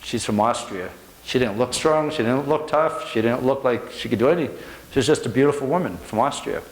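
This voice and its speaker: An American man in middle age speaks to a room as a motivational speaker, telling his stories earnestly and hammering points home by repeating them. His voice sits at an ordinary pitch. The recording carries a noticeable echo from the room around him. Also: brisk. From United States. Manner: earnest storytelling, emphatic repetitions. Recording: echoey room.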